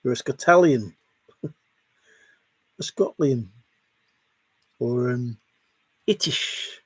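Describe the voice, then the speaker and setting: A man's voice: mid-range voice, drawn-out words, breathy edge, no echo. A man hosting a casual livestream, reading chat and greeting viewers by name in a jokey, chatty way. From half Italian, half Scottish heritage.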